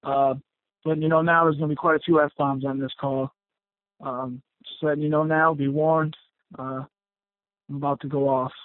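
A man's voice: a little high, flat delivery, moderate pace, pauses often, no room sound. A man calling in to a fan radio show, ranting angrily and swearing heavily about his team's loss. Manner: profane, ranting, heated. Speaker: caller. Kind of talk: angry fan call-in rant. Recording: tinny phone line.

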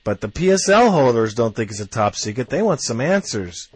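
A man ranting as a fan commentator, blunt and quick to swear, working himself up into heated outbursts. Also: medium pitch, very animated, husky, no room sound.

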